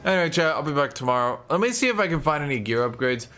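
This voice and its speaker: Male game streamer, loose chatty talk to viewers with casual swearing; clear music bed behind him. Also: fairly high pitch, lively intonation, fast, bright, forceful tone. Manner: frustrated, swears casually, talks to chat.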